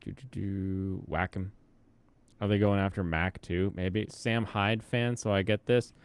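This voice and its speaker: A man's voice: deep voice, fairly even intonation, measured pace, smooth. A young man from the Pacific Northwest giving casual commentary while playing a game, thinking aloud and chatting with viewers. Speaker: streamer.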